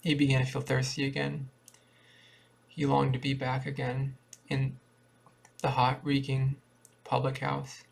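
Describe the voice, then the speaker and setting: A man reads a short story aloud in a plain, steady manner, now and then restarting a word. His voice is heavily creaky and gravelly at an ordinary middle pitch. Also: a little slow, pauses often. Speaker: reader.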